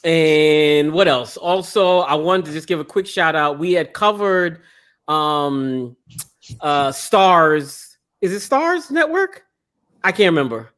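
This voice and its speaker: A man hosting a casual podcast chat, excitable and laughing often, his voice jumping up when he gets going. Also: a little high, slow pace. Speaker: host.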